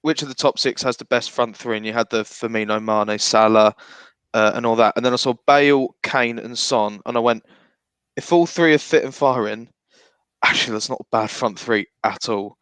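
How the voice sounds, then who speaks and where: A man muses on football in casual podcast chat, thinking aloud in a measured way. His voice is smooth and resonant, and the sound is dry and close. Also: medium pitch, a bit bright, no echo. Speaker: podcast co-host.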